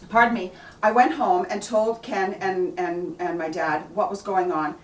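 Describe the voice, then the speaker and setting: A woman's voice: mid-range voice, slow, far from the mic. A middle-aged woman, telling a personal story in an earnest, rambling way with many restarts. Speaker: blogger telling a family story. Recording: echoey room, voice a bit off-mic.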